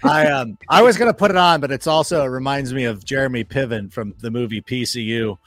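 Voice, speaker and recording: A man as a guest football analyst in a casual sports chat, telling animated stories, acting out quoted remarks and swearing freely. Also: medium pitch, a little fast, no room sound. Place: studio.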